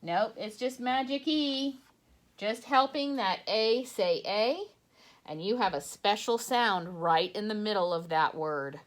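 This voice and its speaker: A woman teacher walking young children through a phonics worksheet, sounding out letters slowly and patiently while she tips her camera toward the page. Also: mid-range voice, lively intonation. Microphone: handheld phone or camera tipped toward a worksheet.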